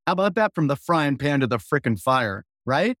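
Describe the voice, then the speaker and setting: A man in his sixties, a guest musician telling a story with lots of energy, acting out voices and humming bass lines. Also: very animated, normal speed, a bit bright, no echo, studio quality. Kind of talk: animated storytelling.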